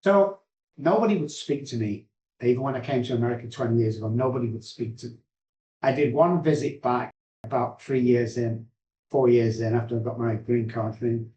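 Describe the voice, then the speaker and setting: A man's voice: medium pitch, a little fast, dark tone. A man, an addiction specialist earnestly telling his life story in rambling, heartfelt sentences. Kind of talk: emotional personal storytelling. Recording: roomy echo.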